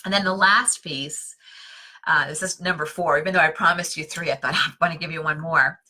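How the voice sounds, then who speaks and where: A woman's voice: low voice, fairly even intonation, a little fast, sharp tone. A woman hosting a live stream on interior design, teaching in a chatty, self-deprecating way with lots of fillers and asides.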